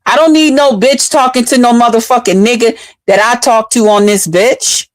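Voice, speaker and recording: A woman's voice: a little high, steady tone, normal speed, dry recording. A woman on a live stream delivering a heated, profane, mocking rant.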